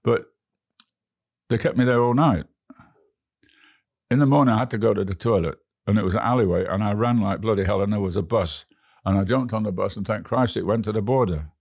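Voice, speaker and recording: A man's voice: lowish voice, a little fast, long pauses, a little mellow, no room sound, clean studio sound. A man with an English accent, a guest telling rambling travel stories in an interview, often restarting his words. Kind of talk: anecdotal storytelling.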